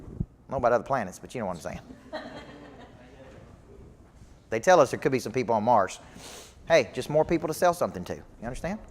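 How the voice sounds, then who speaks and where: A man, a business coach giving a motivational speech to a live audience, emphatic and repetitive. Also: on the high side. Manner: emphatic, repetitive rallying delivery. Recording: long hall reverb.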